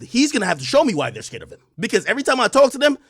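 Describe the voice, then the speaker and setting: A man on a livestream, ranting loudly and profanely at a rival, swinging between shouting and calmer talk. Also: extremely high pitch, racing, slightly rough, no room sound, studio quality. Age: adult under 45. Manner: loud, profane, combative, swings from shouting to calm. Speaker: streamer commentator. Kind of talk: heated livestream rant.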